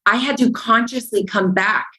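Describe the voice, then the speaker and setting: With a fairly high voice and a moderate pace, this podcast guest is an animated storyteller who reenacts past dialogue. She hammers points home by repeating phrases, though the audio quality is poor.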